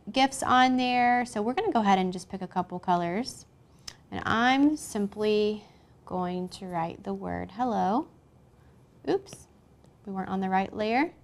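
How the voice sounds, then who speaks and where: Woman, tutorial host, casual step-by-step narration, chatty with fillers, middle pitch. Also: creaky. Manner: chatty, talks through each step with fillers. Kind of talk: casual screen-recorded tutorial.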